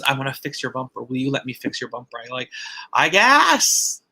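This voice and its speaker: Guy telling a church testimony, really bright ringing voice, kinda high, acts out the quotes. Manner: storytelling, acts out quoted dialogue, repeats phrases. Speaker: church member giving testimony. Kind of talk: personal testimony at a ceremony.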